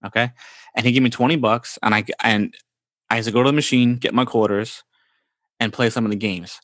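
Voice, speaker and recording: A man's voice: medium pitch, fairly even intonation, brisk, a bit bright, dry recording. A man in his forties from the Bronx, telling childhood stories in a casual, slangy way and often saying "bro". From New York, the Bronx. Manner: laid-back, slangy, says "bro" often. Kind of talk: casual storytelling chat.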